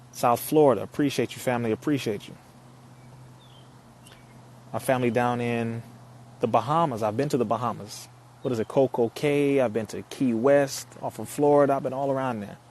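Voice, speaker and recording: Lively man giving live-stream shout-outs. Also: mid-range voice, slight background noise. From United States (Compton, California). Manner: lively, reads out viewers' locations and gives shout-outs; laughs often, with loud outbursts. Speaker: speaker on a live stream greeting viewers. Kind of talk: casual live-stream talk.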